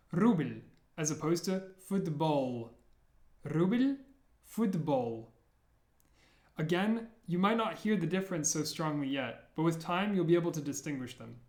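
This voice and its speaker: A man's voice: fairly high pitch, reverberant. A man teaching an online language lesson, patiently modeling sounds and reassuring learners.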